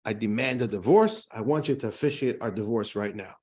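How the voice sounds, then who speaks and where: A man's voice: on the low side, fairly quick, darkish tone, pitched below the performer's own voice, lightly acted. A man acting out a fed-up wife in a joke, insisting bluntly on a divorce. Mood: insistent.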